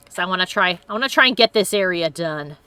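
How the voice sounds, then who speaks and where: A woman's voice: on the low side, animated, quick pace, bright, forceful tone, clean tone, dry recording, soft background music. A woman hosting a let's play, chatting casually and giggling as she plays. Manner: chatty and giggly, exclaims often. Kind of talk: casual gameplay commentary.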